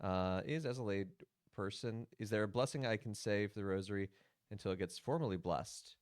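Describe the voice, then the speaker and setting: A man's voice: fairly low pitch, fairly quick, no room sound, studio quality. A man, a priest, giving casual, rambling commentary while streaming a video game, with many fillers.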